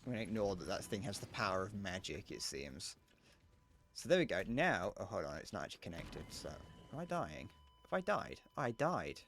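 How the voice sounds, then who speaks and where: A man's voice: lowish voice, very animated, moderate pace, a bit bright, a little hiss or hum. A man in his twenties chatting casually to viewers while playing a game live, joking and swearing as he goes. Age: 20s. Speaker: streamer.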